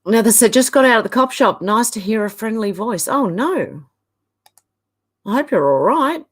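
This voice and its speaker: A woman's voice: a little high, expressive, normal speed. A middle-aged Australian woman hosting a casual live stream, chatting loosely and reacting with exasperated asides while reading viewer comments aloud.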